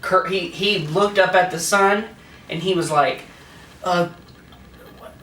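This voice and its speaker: A man's voice: high-pitched, slow, a bit bright, distant mic, slight background noise. Rambling tipsy man, echoey room. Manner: rambling, slurred, crude, laughing. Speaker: host. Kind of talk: drunk comic retelling of a play.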